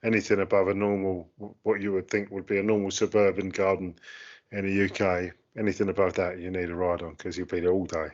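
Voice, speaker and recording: Chatty British-slang man, low voice. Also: flat delivery, brisk, muffled recording. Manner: chatty, British slang, many fillers and restarts. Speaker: co-host. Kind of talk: casual chat.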